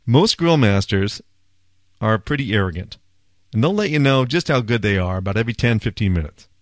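A man's voice: fairly low pitch, expressive, fairly quick, no echo, studio quality. Enthusiastic man telling a food story. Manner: enthusiastic, conversational, speaks straight to listeners. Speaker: food blogger. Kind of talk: casual storytelling monologue.

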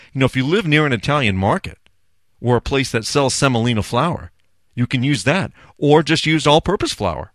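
A man talks in a blunt, sarcastic, profane rant as a podcast host. His voice is mid-pitched and ordinary. The sound is dry and close to the mic. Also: a bit bright, dry recording. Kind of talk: casual ranting commentary.

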